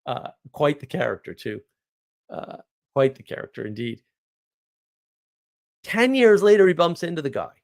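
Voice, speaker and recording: A man's voice: fairly high pitch, sing-song, normal speed, long pauses. A man hosting a live stream, telling stories in a casual, rambling way, laughing often and checking in with "right?" asides. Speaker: livestream host.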